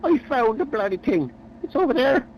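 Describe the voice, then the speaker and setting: An overexcited pilot yells in a high, strained voice, as a man puts him on. He sounds frantic and pushy, shouting at his mate. The recording is dull and lo-fi, with a faint engine hum behind. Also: sing-song, very slow, heavily acted. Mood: triumphant.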